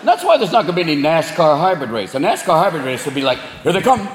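A male stand-up comedian, profane and animated, performing a set on a club stage. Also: a little high, slight background noise. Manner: profane, animated, rapid voices. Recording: echoey club with loud crowd laughter.

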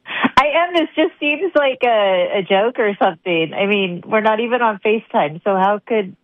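A woman's voice: mid-range voice, expressive, normal speed, dry recording. A woman answering a phone call, skeptical and incredulous, laughing often at what she hears. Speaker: prank call target. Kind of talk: phone conversation. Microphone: telephone. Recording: muffled phone line.

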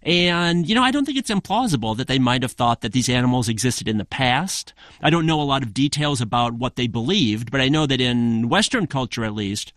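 A man's voice: mid-range voice, lively intonation, fairly bright tone, no room sound. Thoughtful man speaking in a dry studio. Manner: thoughtful, measured, with frequent hedges. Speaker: author guest. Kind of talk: radio interview conversation.

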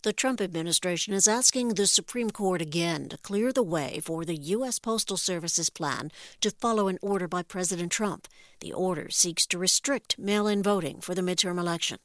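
A woman reading a radio newscast in a crisp, even newsreader manner. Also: lowish voice, moderate pace, no echo, studio quality. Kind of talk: news reading.

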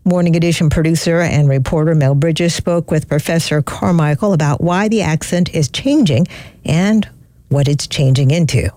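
A woman hosting a radio news program, reading scripted introductions in a measured way. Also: deep voice, warm tone, dry recording.

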